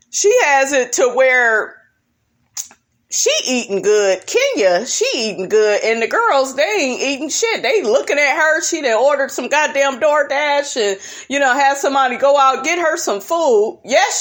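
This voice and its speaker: A young woman recapping reality TV in a sassy, profane, casual vlog style. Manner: sassy, profane, animated with big pitch jumps.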